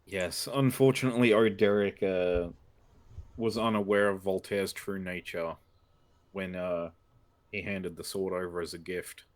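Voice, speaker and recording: An earnest, polite adventurer, played by a man at a gaming table speaks in a very deep voice. He hesitates often, filling pauses with ums and uhs as he picks his words. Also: steady tone. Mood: candid. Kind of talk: in-character tabletop role-play.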